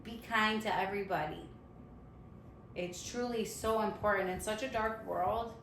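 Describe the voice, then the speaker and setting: A woman's voice: mid-range voice, fairly even intonation, normal speed, a bit bright, roomy sound, a little hiss or hum, rough recording. A woman hosting a podcast from her apartment, talking in a heartfelt, earnest way and offering faith-filled encouragement. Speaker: podcast host. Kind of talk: casual inspirational talk. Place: apartment room at home.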